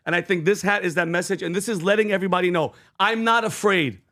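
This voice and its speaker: Earnest high-voiced man telling a Bible story. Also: fast talker. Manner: earnest, animated storytelling with acted quotes. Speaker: podcast co-host. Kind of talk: casual podcast talk, merch pitch and Bible story.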